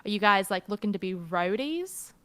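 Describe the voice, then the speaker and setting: A woman's voice: medium pitch, sing-song, normal speed, fairly bright tone, clear, resonant tone. A woman voicing a brash, sassy female mermaid islander who curses, brags, and lets her accent wander between British, Australian and American. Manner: brash, cursing, full of herself.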